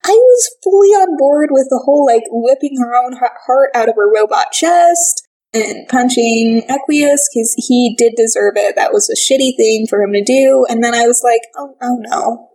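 A woman's voice: a little high, moderate pace, mellow, poor audio. Giggly woman co-hosting a podcast. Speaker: podcast co-host. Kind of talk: casual podcast chat.

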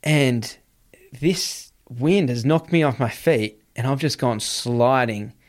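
Guy telling a story on a podcast, swears a lot, middle pitch, rambles on. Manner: swears freely, quick run-on telling. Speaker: guest. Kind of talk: casual storytelling.

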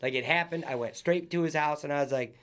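A man's voice: a little high, fast talker, a bit bright. A young man co-hosting a podcast, telling stories bluntly with plenty of swearing and laughter. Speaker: podcast co-host. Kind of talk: casual chat.

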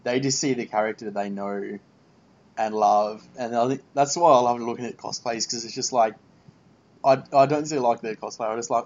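A man's voice: medium pitch, normal speed. Guy hosting a podcast, earnest and rambly, kinda dull muffled audio. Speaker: podcast host. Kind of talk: casual interview chat.

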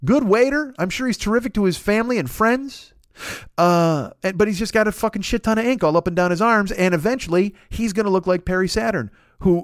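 A man's voice: high-pitched, no room sound, clean studio sound. A man telling a profane, comic story in a monologue and acting out the voices of the people in it. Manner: profane, animated, acts out voices in his stories. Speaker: podcast host.

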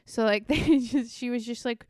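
A woman's voice: on the high side, normal speed, a little mellow, no room sound, studio quality. A young woman chatting casually as a podcast co-host, telling stories with lots of "like" and "um". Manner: chatty storytelling with many likes and ums. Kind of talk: casual chat.

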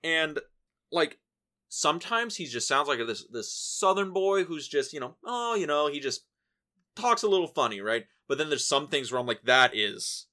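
A man's voice: on the high side, lively intonation, normal speed, pushed and bright. A man hosting a podcast, talking about a film in a casual, rambling way with lots of fillers and swearing. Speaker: podcast host.

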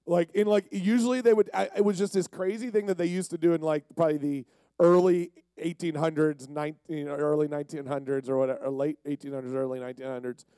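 A man's voice: fairly high pitch, fairly even intonation, quick pace, mellow, clean tone, dry recording. A man from Pennsylvania giving a casual, jokey, rambling storytelling sermon. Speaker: youth speaker.

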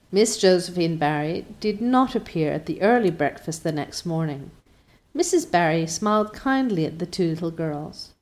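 A woman narrating a classic storybook in a measured, expressive way. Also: on the low side. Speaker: audiobook narrator.

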